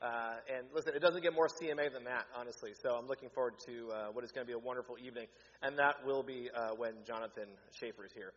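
A pastor giving church announcements, upbeat and joking with the congregation. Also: male voice, mid-range voice, fairly even intonation, fast, a bit bright. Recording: echoey hall, dull lo-fi sound.

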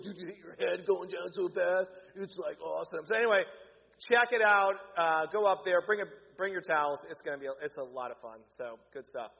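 A man's voice: high-pitched, bright, forceful tone. Upbeat joking man in an echoey hall. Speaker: pastor. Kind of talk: church announcements. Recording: echoey hall, dull lo-fi sound.

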